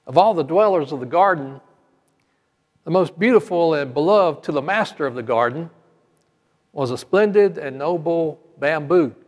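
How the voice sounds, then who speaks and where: A male pastor telling a parable during a sermon in a slow, measured storytelling manner. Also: on the high side, expressive. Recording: long hall reverb.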